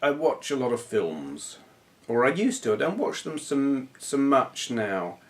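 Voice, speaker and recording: A man's voice: medium pitch, big pitch swings, measured pace. Rambling southern English man vlogging. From southern England. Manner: rambling, self-correcting, chatty. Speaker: retro gaming vlogger. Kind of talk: casual talk to camera.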